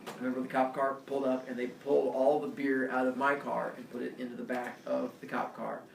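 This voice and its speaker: A male teacher tells his class a personal story in a lively, self-deprecating way. His voice has a gravelly edge. It is picked up from a distance in an echoey classroom with faint noise underneath. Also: medium pitch, quick pace. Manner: animated, self-mocking storyteller.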